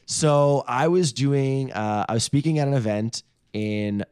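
A man guesting on a radio show, telling a dating story in a playful, animated way with easy laughs. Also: medium pitch, measured pace, clean tone, dry recording, clean studio sound. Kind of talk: casual storytelling chat.

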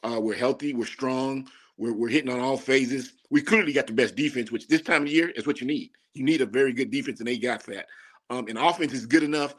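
A man's voice: mid-range voice, fairly quick, slightly rough. A man giving confident, emphatic football analysis as a podcast guest.

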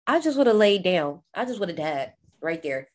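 Speaking at a normal speed, a co-host on a casual horror movie podcast is animated and profane. When she quotes lines, she often acts them out with a big upward jump in pitch.

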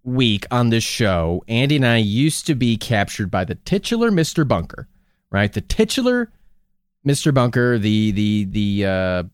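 A man's voice: medium pitch, animated, unhurried, smooth, no echo, clean studio sound. A man from Minnesota co-hosting a podcast, rambling in casual comedic banter and laughing often. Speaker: podcast co-host.

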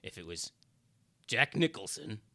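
A man's voice: fairly low pitch, big pitch swings, unhurried, pushed and bright, no echo, full character voice. A man playing the Devil as a petty, mocking host of rigged games in an improvised comedy podcast. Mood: teasing. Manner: teasing, smug, cheats and mocks. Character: the male Devil, mocking, petty, gleefully unfair game host. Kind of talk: improvised comedy role-play.

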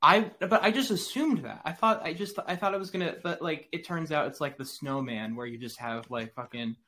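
Excitable man over faint noise. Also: on the high side, brisk. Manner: excitable, trails off and restarts. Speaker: podcast co-host. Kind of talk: casual film chat.

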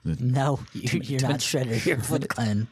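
A man's voice: medium pitch, a little slow, a little mellow, slightly rough. A man in casual podcast banter, arguing playfully with his co-hosts.

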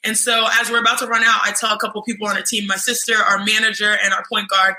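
A young woman telling an animated story in casual chat, acting out other people's voices in quotes. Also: medium pitch, quick pace, slight background noise. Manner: lively, mimics voices in quotes, says "you know what I'm saying". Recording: roomy echo.

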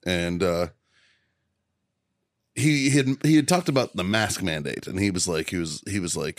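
A man's voice: low-pitched, moderate pace. A man co-hosting a casual podcast, telling a heated, profanity-filled story and laughing as he goes. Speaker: podcast co-host. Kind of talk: casual chat, ranting storytelling.

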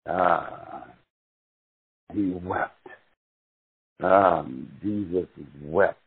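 Husky impassioned preacher man, phone-like sound. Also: medium pitch. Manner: impassioned, swings from shouts to hushed murmurs, drawn-out words. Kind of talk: sermon. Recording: tinny phone-like recording.

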